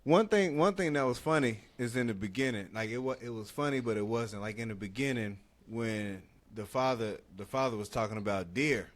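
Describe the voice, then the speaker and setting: A man hosting a casual podcast, telling stories in an animated way and mimicking other people's voices. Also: medium pitch, a little fast, hardly any pauses. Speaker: podcast host.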